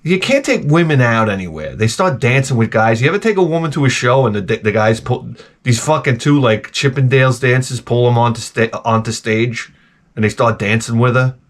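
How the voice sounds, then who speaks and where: A man's voice: medium pitch, brisk. A man giving a profane, rambling comic rant to camera. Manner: profane, animated, jumps between tangents. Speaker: vlogger.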